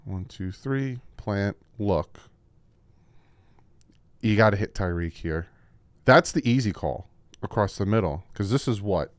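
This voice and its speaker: Emphatic low-voiced man breaking down game film. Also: unhurried, long pauses, dry recording. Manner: emphatic, repeats points, voice jumps when excited. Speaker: football film-study host. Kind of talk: casual film-breakdown commentary. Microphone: desk microphone.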